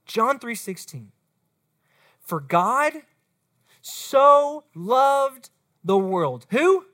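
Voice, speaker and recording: A woman's voice: on the high side, drawn-out words. A woman, preaching as a youth pastor to middle school students and speaking straight to them. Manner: animated, talks straight to the students.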